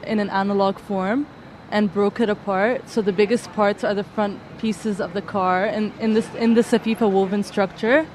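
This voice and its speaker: A woman textile artist answers interview questions outdoors at a design event. She talks hesitantly, with fillers and restarts, and her voice sits at a middle pitch. Faint street noise runs behind her. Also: steady tone, normal speed, hardly any pauses, darkish tone.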